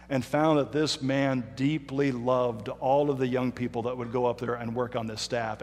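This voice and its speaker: A middle-aged man preaches from the pulpit, telling a personal story with emphatic pacing and sudden dramatic slowdowns. His mid-range voice carries a long reverb tail through the church hall. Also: medium pitch. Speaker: pastor. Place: church sanctuary.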